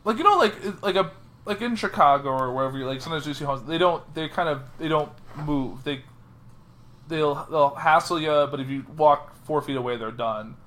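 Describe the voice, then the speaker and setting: A man's voice: fairly high pitch, normal speed. A young man co-hosting a podcast in casual chat, recounting a trip and acting out his own remarks. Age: young adult. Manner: animated, acts out what he said in the moment. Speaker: podcast co-host.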